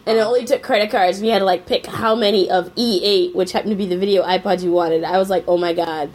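An excitable young woman chats with friends, tossing in slang and swears to hype up her story. Her delivery is quick to jump in and full of enthusiasm. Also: medium pitch. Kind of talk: casual chat.

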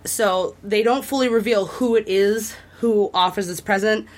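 A woman's voice: mid-range voice, normal speed. A woman co-hosting a casual podcast, recapping a horror video game in a rambling, enthusiastic way with lots of fillers and restarts. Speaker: podcast co-host.

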